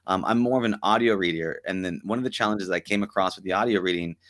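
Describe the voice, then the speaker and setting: A man hosting a casual interview, asking questions in a hesitant, halting way with many fillers. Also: low voice, a bit bright. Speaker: podcast host.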